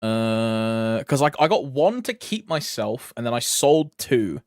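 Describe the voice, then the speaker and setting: A man's voice: medium pitch, sing-song, slow pace, darkish tone, no echo, clean studio sound. A young man chatting casually while streaming a game, rambling, laughing often and using crude slang.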